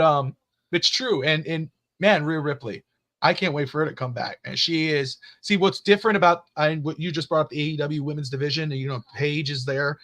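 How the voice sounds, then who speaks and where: A man's voice: on the high side, fairly bright tone. A man co-hosting a wrestling podcast, talking casually and rambling with plenty of fillers. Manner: rambling, with many fillers and voiced quotes of family. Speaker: podcast co-host.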